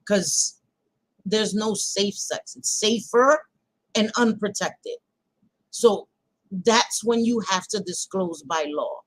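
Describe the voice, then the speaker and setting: A woman's voice: mid-range voice, rough recording. A woman in heated casual livestream chat, talking emphatically and repeating her points for stress. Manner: emphatic, repetitive, apologetic at times.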